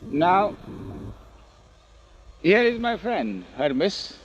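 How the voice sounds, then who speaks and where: An older man telling memories in an oral history interview, animated and acting out the quoted speech, recorded outdoors on old film. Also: high-pitched, very slow. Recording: dull lo-fi 1970s film audio.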